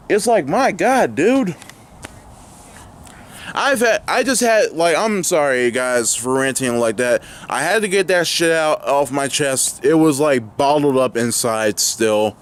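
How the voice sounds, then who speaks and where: A man's voice: on the high side, expressive, unhurried. A young man vlogging outdoors near his home, ranting indignantly and rambling with lots of fillers and restarts. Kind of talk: angry ranting vlog.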